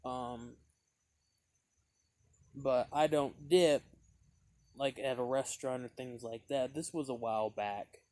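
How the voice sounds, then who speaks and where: A man's voice: medium pitch, fairly even intonation, slow pace, long pauses, warm tone. A man reviewing pipe tobacco in a casual, meandering way, with lots of fillers and restarts as he tells a story.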